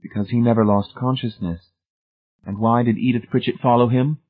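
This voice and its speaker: A husky-voiced man voicing a prim, cold, controlling spinster who speaks calmly and matter-of-factly, recorded with a tinny phone-like sound. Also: mid-range voice, normal speed, pitched above the performer's own voice, close to an everyday voice. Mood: quietly proud. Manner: calm, matter-of-fact, quietly proud.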